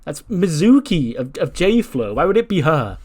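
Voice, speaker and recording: A man's voice: medium pitch, fairly quick, a bit bright, close to an everyday voice. A man doing a baffled young female wrestler. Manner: baffled, questioning. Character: confused, put-upon young female wrestler.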